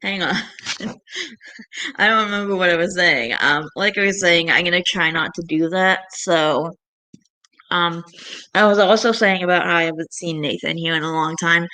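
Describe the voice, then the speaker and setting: A woman's voice: lowish voice, moderate pace, sharp tone. A young woman talks straight to her camera in a casual vlog, venting about her frustrations. She rambles, restarts her thoughts and sighs often. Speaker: vlogger.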